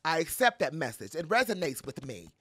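A young adult man giving playful, sassy pop culture commentary to camera, dramatic and full of mock quotes and quick laughs. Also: fairly high pitch, big pitch swings, a bit bright, slight background noise. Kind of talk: animated casual commentary to camera.

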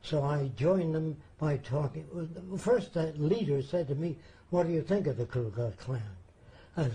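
A man's voice: on the high side, lively intonation, moderate pace, warm tone, rough recording. An older man telling a story in an interview, plain-spoken, acting out the people he quotes.

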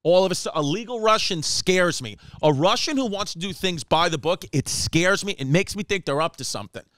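A man's voice: high voice, no echo. A man, a comedian and podcast host telling a rambling story and acting out the people in it. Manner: animated, acts out quotes, rapid run-on storytelling.

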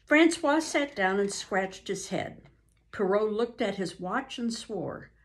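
An older woman, a grandmother, reading a novel aloud in an unhurried way with frequent ums and restarts. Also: mid-range voice, expressive.

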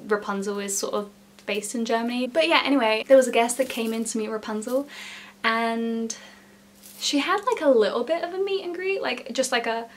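Young woman, slightly high pitch, casual storytelling vlog, chatty, lots of filler words. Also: fairly quick. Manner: chatty, many "like" fillers, lively emphasis. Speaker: former theme park character performer.

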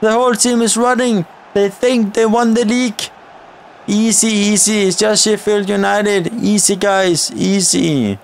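Excitable man shouting over a football game. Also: high voice, measured pace, a little hiss or hum. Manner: exclaims "oi" at chances, shouts at players. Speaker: gaming YouTuber. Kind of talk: excited live game commentary.

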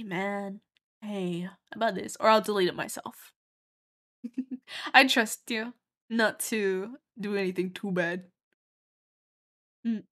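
A woman's voice: mid-range voice, a bit bright. A woman from Australia giving casual, giggly commentary while playing a game on stream and reading its lines aloud.

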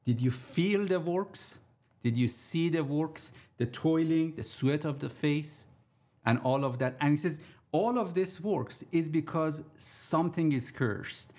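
A man teaching a sermon on scripture, deliberately repeating his key points for emphasis. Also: on the high side, a little mellow. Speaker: Bible teacher.

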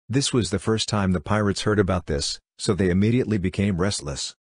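Low, husky male audiobook narrator. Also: fairly quick, no room sound, clean studio sound. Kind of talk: scripted narration.

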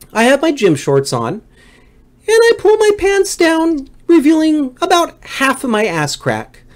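A man tells a comic story in a casual, brash way. He swears freely and teases, and his pitch swings up and down as he talks. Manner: brash, profane, playful. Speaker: channel host telling a story.

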